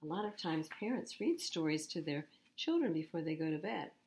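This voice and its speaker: A woman's voice: deep voice, big pitch swings, brisk, a little mellow. A woman reading picture books aloud to children at storytime, expressively and with asides to the listeners. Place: public library.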